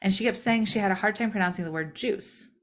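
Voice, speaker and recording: A woman's voice: mid-range voice, fast talker, fairly bright tone. A woman co-hosting a podcast, telling a story in casual chat and acting out the voices of people she quotes. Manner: chatty, acts out quoted voices. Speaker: podcast co-host.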